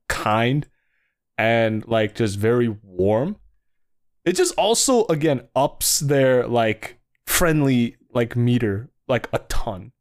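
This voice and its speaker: A man's voice: mid-range voice, darkish tone. A young man from New Jersey, co-hosting a podcast in a casual chat, rambling with lots of fillers and sliding into mock voices. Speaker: podcast co-host.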